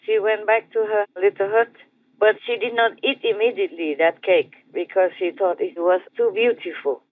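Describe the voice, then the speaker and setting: A man with an Indonesian accent, a spiritual master telling a teaching story in a gentle, repetitive way with soft chuckles. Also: sits high, moderate pace, dry recording. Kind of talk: storytelling dharma talk. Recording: tinny phone-like dry sound.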